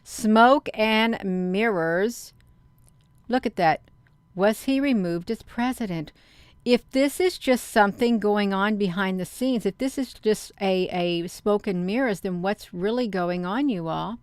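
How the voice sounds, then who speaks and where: A woman's voice: medium pitch, measured pace, clean tone, dry recording. A woman chatting casually to her viewers, rambling through online rumors with lots of fillers, calling them "you all.". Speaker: vlogger.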